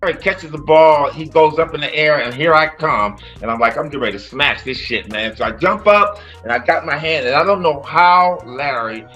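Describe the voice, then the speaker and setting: A man telling a casual anecdote, animated, swearing and acting out quotes. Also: fairly high pitch, moderate pace, hardly any pauses, dull audio, soft background music. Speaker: former player, interview guest.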